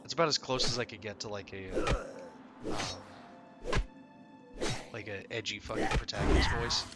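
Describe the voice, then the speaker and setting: A man's voice: fairly low pitch, fairly even intonation, normal speed, loud music behind the voice. A man chatting casually while gaming on stream, rambling through stories, swearing and laughing at himself. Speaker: game streamer. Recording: loud game gunfire behind.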